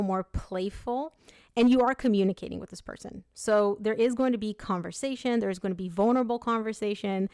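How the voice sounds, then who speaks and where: A woman's voice: medium pitch, smooth, dry recording, clean studio sound. A woman giving a chatty, upbeat tarot reading, talking straight to her viewers. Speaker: tarot reader.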